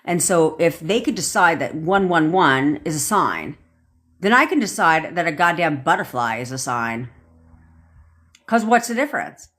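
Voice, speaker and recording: Woman on a live stream, lowish voice, salty and emphatic, lectures her audience like a no-nonsense coach. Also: sing-song, normal speed, a bit bright. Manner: blunt and profane, emphatic; repeats points for emphasis, frequent "okay?". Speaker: manifestation coach. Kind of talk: livestream rant.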